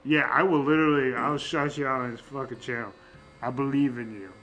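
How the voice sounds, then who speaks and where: A man's voice: mid-range voice, steady tone, a little fast, a bit bright, lo-fi sound. A man co-hosting a podcast, chatting casually about a tabletop game, joking and laughing often. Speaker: podcast co-host.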